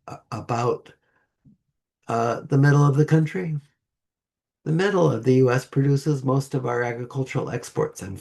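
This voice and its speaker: A man delivering a sermon to a congregation with a slow, measured delivery and deliberate pauses. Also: medium pitch, vocal fry, husky. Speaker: lay speaker. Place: church sanctuary.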